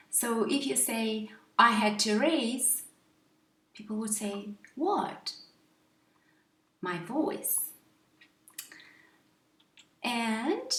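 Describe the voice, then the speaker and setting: A woman's voice: medium pitch, reverberant, far from the mic. A woman teaching English grammar to viewers in a patient way, often stopping to ask them questions.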